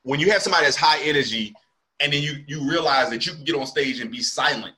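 Bright-voiced laughing male comic. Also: a little high, fast. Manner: laughs often, loose slangy storytelling. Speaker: comedian and podcast host. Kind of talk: casual chat.

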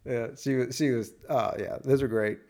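A man's voice: mid-range voice, steady tone, moderate pace, darkish tone. A man co-hosting a podcast in casual chat, rambling and restarting his sentences. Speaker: podcast co-host.

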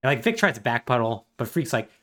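A man of medium pitch talks fast in a sharp tone with big pitch swings while co-hosting a podcast. Chatting casually, he sarcastically runs through a video game plot and acts out what the characters say, with a wry edge.

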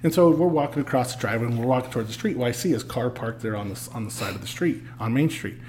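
A man's voice: medium pitch, racing. Man telling a story, acting out lines. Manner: animated, acts out quoted lines with swearing and laughs. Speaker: podcast guest. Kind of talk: casual storytelling.

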